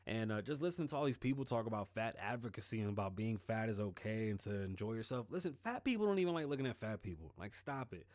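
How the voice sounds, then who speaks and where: A man hosting a podcast, talking casually and swearing freely as he tells stories in an animated way. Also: lowish voice, fast, few pauses, no room sound, studio quality. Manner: profane, animated storytelling. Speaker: podcast host.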